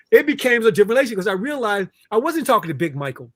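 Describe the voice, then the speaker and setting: A man's voice: high voice, sing-song, very fast, few pauses, fairly bright tone, no echo, clean studio sound. A man, a relationship coach appearing as a guest, talking in an earnest, emphatic way and often repeating words. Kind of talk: casual chat.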